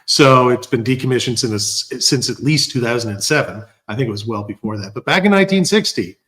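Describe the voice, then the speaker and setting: A filmmaker guest telling animated anecdotes with dry humor in a casual podcast chat. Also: male voice, mid-range voice, fairly quick.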